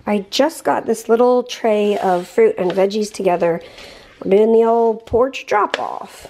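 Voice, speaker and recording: A woman's voice: medium pitch, lively intonation, moderate pace, mellow. A woman in her thirties chatting casually in a home vlog, laughing easily as she talks. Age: 30s. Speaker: vlogger.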